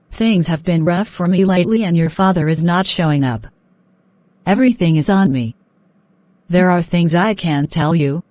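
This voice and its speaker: A woman voicing a stressed mother who talks loudly to her teenage son, with faint background noise. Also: lowish voice, dry recording, close to an everyday voice. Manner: loud scolding, then apologetic.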